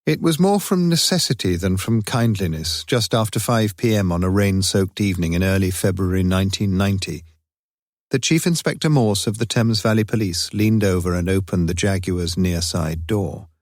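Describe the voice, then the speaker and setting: A low-voiced male audiobook narrator reads a scripted text at normal speed. The recording is clean studio sound without echo.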